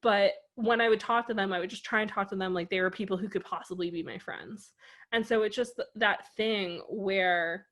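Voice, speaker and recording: A woman co-hosting a casual podcast, talking in a loose, rambling stream. She fills nearly every phrase with "like" and keeps circling back to her point. Her pitch sits in the middle for a woman. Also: steady tone, moderate pace, a bit bright. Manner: rambling storyteller, heavy use of "like". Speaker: podcast co-host.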